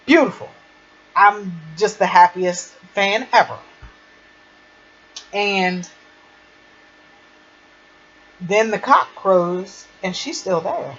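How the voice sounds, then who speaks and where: A woman's voice: medium pitch, takes it slowly, fairly bright tone. A woman giving a casual, gushing fan recap of a TV drama episode. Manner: chatty, gushing fan retelling of scenes. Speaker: TV episode reviewer. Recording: dull lo-fi sound with faint noise.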